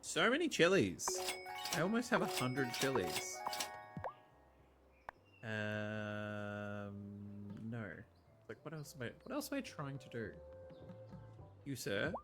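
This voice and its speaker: Talking slowly with frequent pauses over music, a mid-range-voiced streamer narrates his farming game playthrough. He's animated and jokey and talks back to the characters.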